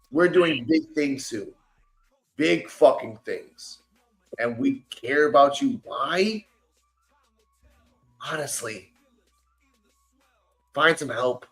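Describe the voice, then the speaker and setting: Brash wrestling-podcast co-host, profane and taunting, mid pitch, light music bed. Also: male voice, rough recording. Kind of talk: casual wrestling chat sign-off.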